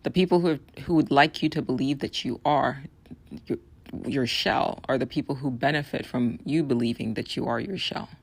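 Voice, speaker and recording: A woman hosting a solo podcast, talking in an earnest, persuasive way with a raspy, hoarse voice. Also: a bass voice, normal speed, no room sound. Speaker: podcast host.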